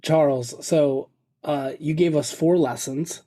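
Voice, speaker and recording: A man's voice: fairly high pitch, fairly even intonation, slow, mellow. A man co-hosting a podcast, asking questions in a playful, joking way. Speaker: podcast co-host. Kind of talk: conversational interview.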